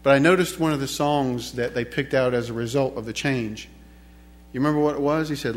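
This man's voice sits on the high side with a fairly bright tone and normal speed as he preaches in church. He's emphatic, repeats his main phrases, and poses rhetorical questions to the congregation.

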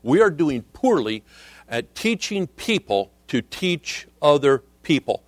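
Earnest higher-voiced man preaching. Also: big pitch swings, no room sound. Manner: earnest, measured preaching with scripture quotes. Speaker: missionary preacher. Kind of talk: sermon.

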